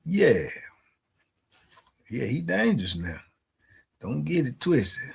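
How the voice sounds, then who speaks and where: A man's voice: medium pitch, sing-song, slow pace, gravelly, breathy edge. A man hosting a live stream in casual chat. He laughs often and keeps asking "you dig?". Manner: laid-back slang talk, laughs often, asks "you dig?".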